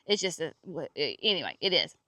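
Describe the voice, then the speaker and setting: A woman's voice: low voice, sing-song, brisk, sharp tone, no room sound. A woman from North Carolina, chatting folksily and with enthusiasm as she hosts a walk through her garden. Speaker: garden center host. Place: outdoor garden.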